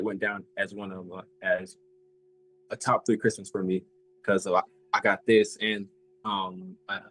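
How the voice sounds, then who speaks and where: Young man of eighteen, low voice, casual chat, halting speech full of fillers, dry close recording. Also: fairly bright tone, dry recording, low-quality recording. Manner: halting, fills with "like" a lot. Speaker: collector guest.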